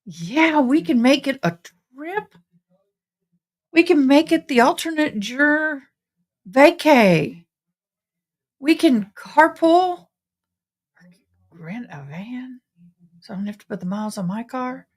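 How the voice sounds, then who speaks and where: Speaking slowly with long pauses, a weary woman rambles to her livestream audience from home about a trial. Her voice sits high and swings widely in pitch.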